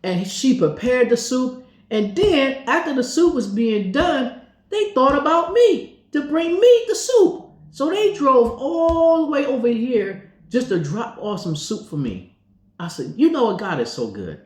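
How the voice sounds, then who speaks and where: A man's voice: extremely high pitch, big pitch swings, unhurried, a little mellow. A man co-hosting, telling a faith story in a casual, chatty way and acting out the dialogue with laughs. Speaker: co-host. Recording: roomy echo.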